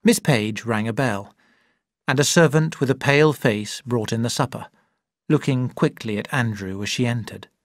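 A man narrating a story slowly and clearly for English learners. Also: mid-range voice, no echo, studio quality. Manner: clear, deliberate reading.

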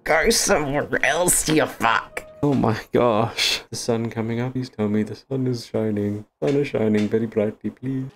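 A man's voice: on the low side, fairly even intonation, normal speed, few pauses, soft background music. A young Australian man with an Australian accent giving jittery, swearing gaming commentary as a streamer, with nervous laughter.

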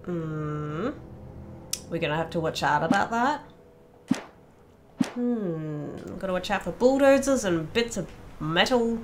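A woman's voice: lowish voice, expressive, takes it slowly, long pauses, noisy background. A woman playing a horror game, talking casually to herself, swearing freely and screaming when startled. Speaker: let's play streamer. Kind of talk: casual gameplay commentary.

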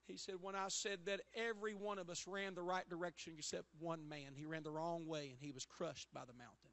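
High-voiced preacher man. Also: steady tone, a little fast, hardly any pauses. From Appalachia. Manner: storytelling preacher, builds to loud emphatic calls. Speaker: pastor. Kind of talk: sermon. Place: church sanctuary.

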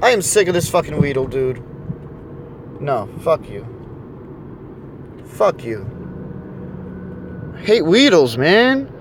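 A man's voice: on the high side, very animated, slow, pauses often, slight background noise. A man with a New Jersey accent and a sore throat, ranting with constant cursing in a car as he plays a phone game, recorded on a phone. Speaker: channel host. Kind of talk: profane rant while playing a phone game in a car. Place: car, on city streets.

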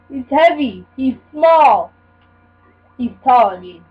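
A young woman commentating her own gameplay, mumbling at times and then yelling and screaming in frustration. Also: lively intonation, takes it slowly, pauses often, dull audio. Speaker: gamer. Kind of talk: let's play commentary. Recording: low mains hum.

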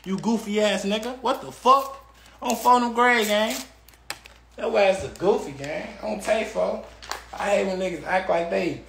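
Heated young man ranting, high voice. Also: pushed and bright, echoey room. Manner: heated, profane, repeats tags like gang and on tape. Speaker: rapper ranting on a livestream. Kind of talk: angry ranting rant.

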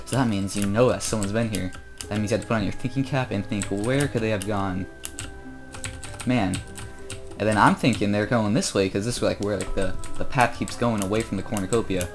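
A sixteen-year-old boy chatting casually through his own gameplay, joking about himself and growing loud and excited when he fights. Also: on the low side, fast, music in the background. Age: teens. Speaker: gamer commentating his own play.

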